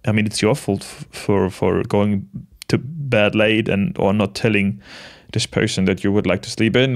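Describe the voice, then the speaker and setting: Man, late twenties, low-ish voice, gentle, halting, reflective casual talk. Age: late 20s. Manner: gentle, halting, many restarts and soft laughs. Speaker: vlogger.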